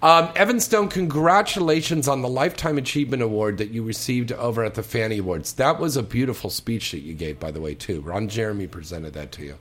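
A man's voice: mid-range voice, quick pace, hardly any pauses, fairly bright tone. A man hosting a loose, joking talk show chat and teasing his guest. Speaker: host.

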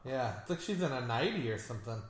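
A man chatting casually about a movie while watching it, quick to laugh. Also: medium pitch, sing-song. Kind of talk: casual movie reaction chat. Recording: echoey room.

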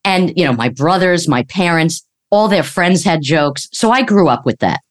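A woman's voice: on the low side, lively intonation, moderate pace. A woman from New York co-hosting a podcast, chatting casually and telling stories. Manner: storytelling, self-correcting. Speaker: podcast co-host. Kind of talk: casual chat.

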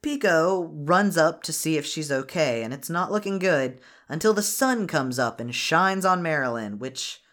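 A podcast host talking through a cartoon plot, dry and sarcastic, tossing off jokes as the story goes. The voice sits at a middle pitch and the delivery is relaxed and conversational. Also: moderate pace, few pauses. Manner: wry, sarcastic recapping with frequent laughs. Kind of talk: casual movie recap chat.

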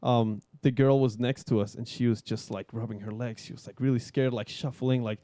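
A man's voice: mid-range voice, fairly even intonation, brisk, mellow, no echo. Laid-back swearing man telling stories. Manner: laid-back, swears a lot, many fillers, laughs through stories. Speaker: guest skydiver. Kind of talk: casual podcast storytelling.

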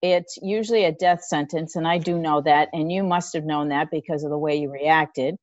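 A woman hosting a podcast interview, gently prompting her guest to share her story. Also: low voice, steady tone, normal speed, no echo. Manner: sympathetic, encouraging prompts. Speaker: podcast host. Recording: dry, dull lo-fi sound.

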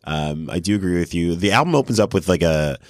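A man's voice: sits low, animated, fairly quick, dry recording, studio quality. A man co-hosting a podcast, chatting casually about an album, enthusiastic and full of fillers. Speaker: podcast co-host. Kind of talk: casual music review chat.

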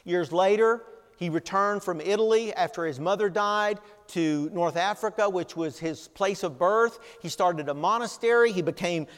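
An older man preaching a sermon as pastor, earnest and emphatic, often repeating words and pausing. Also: high voice, a bit bright, big-room sound.

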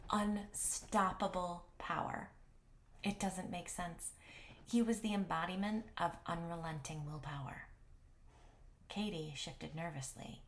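A woman tells her own paranormal encounter in a low, confiding voice. She keeps things hushed and close, often slipping into a whisper for effect. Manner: hushed, intimate telling with whispered asides. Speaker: paranormal blogger and storyteller. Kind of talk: first-person story narration.

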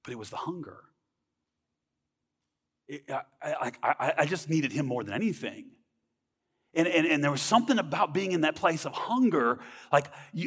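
A man's voice: a little high, lively intonation, moderate pace, fairly bright tone, slightly rough, big-room sound. A man giving a personal faith testimony in a church, talking earnestly and conversationally and often checking in with "right?". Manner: earnest, conversational, frequent tag questions. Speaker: speaker sharing a testimony.

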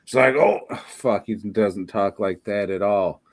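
A man with a lowish voice rambles through a horror podcast chat, laughing and swearing as he goes. He speaks slowly and takes his time. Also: crowd noise. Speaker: podcast co-host. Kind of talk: casual chat.

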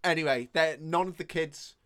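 A man's voice: a little high, moderate pace, fairly bright tone, clean tone. A man co-hosting a podcast, retelling a film's plot in casual chat and acting out the characters' lines. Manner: laughing, retelling the plot with acted quotes. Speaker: podcast co-host. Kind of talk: casual film recap chat.

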